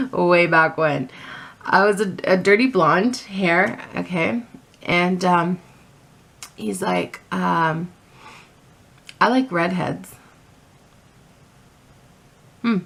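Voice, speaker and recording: A middle-aged woman telling a personal story on her vlog, animated and a little flustered, with many restarts. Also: medium pitch. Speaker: vlogger.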